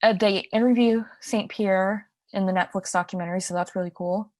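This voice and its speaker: A woman's voice: mid-range voice, steady tone, a little fast, a little mellow, dry recording, studio quality. A young woman co-hosting a podcast, telling a crime story in a casual, chatty way with asides and restarts. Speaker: podcast co-host.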